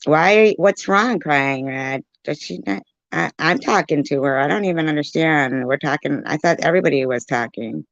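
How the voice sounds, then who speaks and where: A woman's voice: sits low, normal speed, creaky, no echo, highs cut off. A woman hosting a casual livestream, reading the live chat aloud, confused and pleading with her chatters, often laughing. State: dry mouth.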